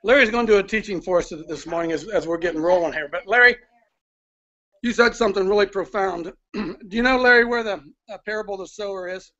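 A man with a high, bright voice hosts a casual talk from inside his house. He rambles and apologizes as he goes. His phone captures the sound, so it is a bit dull, with faint music behind. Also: fast. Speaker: host. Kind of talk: casual live-stream chat. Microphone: phone held by the speaker.

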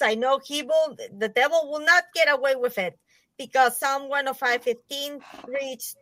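Bright, high-voiced woman caller. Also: steady tone, moderate pace, no echo, low-quality recording. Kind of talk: call-in report.

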